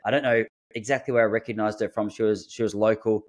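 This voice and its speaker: A man's voice: lowish voice, fast. A man hosting a podcast, telling stories animatedly in casual chat and acting out what people said. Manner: animated storytelling with quoted voices and laughs. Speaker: podcast host.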